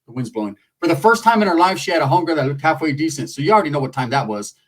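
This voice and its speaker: A man's voice: on the high side, lively intonation, very fast, recorded from a distance, poor audio. A man from San Jose, California telling a long story in a profane, streetwise, rambling manner. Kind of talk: casual storytelling.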